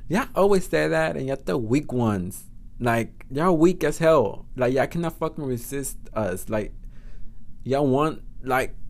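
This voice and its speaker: A man with a Spanish accent hosting a podcast, telling a story in a blunt, profane, chatty way. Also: medium pitch. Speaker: podcast host. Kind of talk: casual storytelling monologue.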